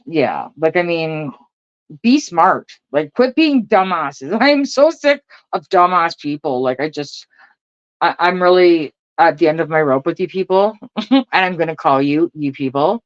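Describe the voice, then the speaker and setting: A woman's voice: low voice, animated, unhurried, no room sound, lo-fi sound. A middle-aged woman, ranting casually and profanely to her viewers, laughing often between lines. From Canada. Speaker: vlogger.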